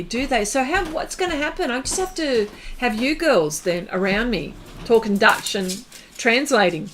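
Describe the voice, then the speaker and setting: A woman's voice: medium pitch, a little hiss or hum. Chatty Australian woman, middle-aged. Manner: rambling, chatty, many fillers and restarts. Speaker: artist livestream host. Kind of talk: casual chat with live viewers.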